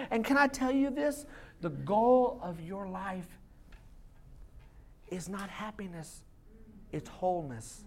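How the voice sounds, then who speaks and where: A man's voice: high voice, slow, creaky, long pauses. Conversational man preaching. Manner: conversational preaching, acts out quoted voices. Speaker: lead pastor. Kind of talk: sermon. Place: church sanctuary.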